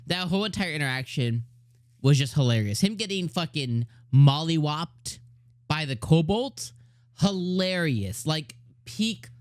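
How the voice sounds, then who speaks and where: Laughing, excitable anime reviewer. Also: mid-range voice, no echo, studio quality. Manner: excitable, laughs often, heavy slang. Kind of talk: casual video review.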